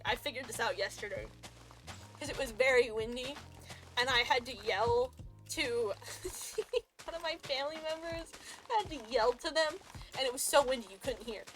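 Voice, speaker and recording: A woman's voice: a little high, moderate pace, faint music behind. A woman streamer chatting casually and rambling, joking and laughing often. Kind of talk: casual chat.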